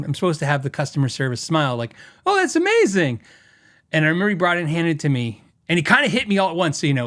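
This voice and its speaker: A man's voice: mid-range voice, a bit bright. A middle-aged man hosting a podcast, telling a rambling story with many fillers and acted-out quotes. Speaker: podcast host and guitar shop owner.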